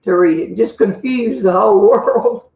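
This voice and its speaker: A woman's voice: medium pitch, normal speed, creaky, mellow. An older woman with a Southern accent, a humorist telling stories and answering questions in a folksy, chuckling way. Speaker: humorist host. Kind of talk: casual storytelling and Q&A. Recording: roomy sound from a distance.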